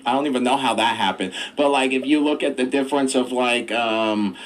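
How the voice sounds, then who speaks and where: A man guesting on a radio show, chatting casually in an animated, slangy way. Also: medium pitch, brisk, a little hiss or hum. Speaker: rapper guest. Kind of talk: casual radio interview chat. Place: radio studio.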